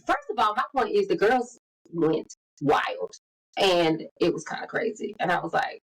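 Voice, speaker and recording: A woman in her forties co-hosting a podcast, telling stories in lively casual chat and acting out the quotes. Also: lowish voice, normal speed, breathy edge, rough recording. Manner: animated storyteller, acts out quotes. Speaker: podcast co-host.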